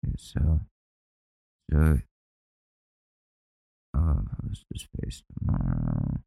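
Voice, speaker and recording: A man's voice: very deep voice, sing-song, takes it slowly, gravelly, mellow, husky, no room sound. A man hosting a casual reaction commentary, talking in an indignant, profane, rambling way. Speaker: commentary host.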